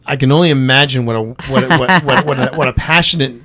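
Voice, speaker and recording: A man's voice: mid-range voice, fast talker, sharp tone. A man co-hosting a casual live-stream chat, chatty and emphatic, often repeating his words. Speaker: co-host.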